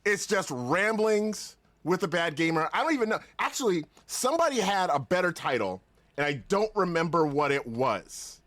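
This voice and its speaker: A man's voice: high-pitched, big pitch swings, normal speed, fairly bright tone, dry recording. A man hosting a casual podcast, rambling with lots of restarts and laughing often. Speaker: podcast host.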